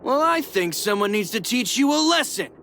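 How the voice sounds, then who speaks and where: An actor voicing a taunting young miner who leads a gang of bullies in a game. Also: male voice, high voice, big pitch swings, moderate pace, bright, forceful tone, a little hiss or hum, heavily acted. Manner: taunting, sneering. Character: mocking young male miner, a bullying ringleader. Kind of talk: game voice acting.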